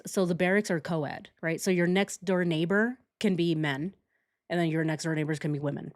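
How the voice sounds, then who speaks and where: A young adult woman streamer telling a personal story in casual chat, candid and animated, acting out shouted quotes. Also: lowish voice.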